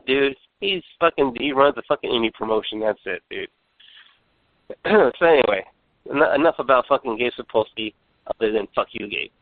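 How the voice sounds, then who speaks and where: A man's voice: medium pitch, no echo. Man, profane rambling host, casual rant, phone-line sound, dry. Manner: heavy swearing, rambling, ranting. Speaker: podcast host. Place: San Antonio.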